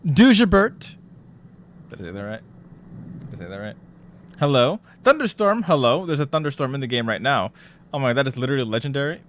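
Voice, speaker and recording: A man's voice: medium pitch, animated, quick pace, fairly bright tone, slight background noise. A man live-streaming a horror game, chatting with viewers and yelping and swearing when scared. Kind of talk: casual live-stream chat while playing a horror game.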